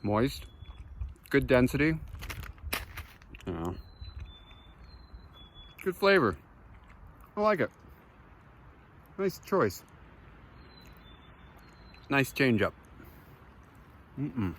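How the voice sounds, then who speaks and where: A man's voice: medium pitch, big pitch swings, drawn-out words, pauses often, a little hiss or hum. A man on a long-distance hike, talking casually to a handheld camera outdoors, easygoing and rambling as he thinks aloud. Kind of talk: casual trail vlog. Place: outdoors on a mountain trail.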